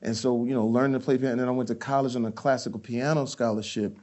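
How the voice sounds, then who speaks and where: A man, a guest in a relaxed interview. He tells stories with energy, often restarting his sentences and slipping into scenes. His voice sits at a middle pitch. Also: rapid-fire, a little hiss or hum. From Texas. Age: 50s. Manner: animated, acting out scenes, many restarts. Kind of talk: casual interview storytelling.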